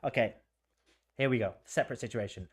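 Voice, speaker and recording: A man's voice: mid-range voice, a little fast, slightly rough. A man hosting a podcast, joking around and rambling in casual chat. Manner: playful, jokey, rambling. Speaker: podcast host.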